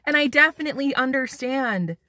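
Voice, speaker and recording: A woman's voice: sits high, lively intonation, fairly quick, sharp tone. A woman psychic medium giving a spiritual tarot reading, talking bluntly and preachily and swearing for emphasis.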